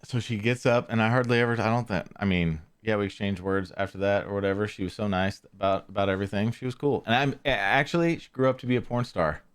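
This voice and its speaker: Low, smooth-voiced man telling a rambling story. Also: steady tone, quick pace, few pauses. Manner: rambling, self-correcting, trails off quietly. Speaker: podcast host. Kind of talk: casual storytelling.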